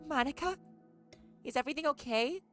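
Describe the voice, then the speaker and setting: A streamer reading out the lines of an upbeat teenage girl who is anxious beneath her cheer, in a bright, rising, pleading voice. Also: high voice, a little fast, soft background music, pitched above the performer's own voice, close to an everyday voice. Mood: concerned. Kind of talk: reading visual novel dialogue aloud.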